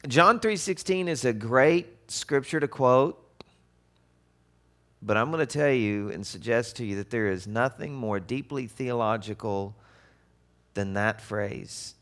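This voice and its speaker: Male pastor, conversational sermon, rhetorical questions, mid-pitched voice. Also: a little slow, a bit bright.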